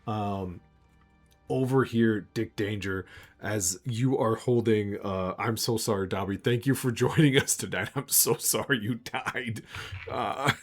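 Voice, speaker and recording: Man, game master narrating a tabletop game, lowish voice, playful, quick to laugh. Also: soft background music.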